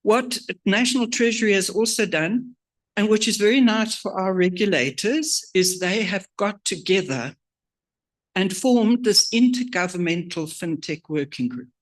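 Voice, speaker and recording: A presenter on a conference stage, running briskly and cheerfully through a list of agenda items. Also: medium pitch.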